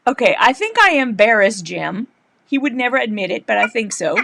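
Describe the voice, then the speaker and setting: Lady rambling on her sewing livestream, kinda high voice, dry close mic. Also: brisk, creaky, no echo. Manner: chatty, animated storytelling, laughs often. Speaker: livestream host, quilter. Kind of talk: casual live-stream chat.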